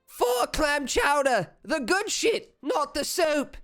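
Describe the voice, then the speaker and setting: A man voicing a friendly, sly goblin barmaid woman who teases in drawn-out, sing-song lines. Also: very high voice, sing-song, fairly bright tone, no room sound, clean studio sound, soft background music, pitched above the performer's own voice, full character voice. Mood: teasing.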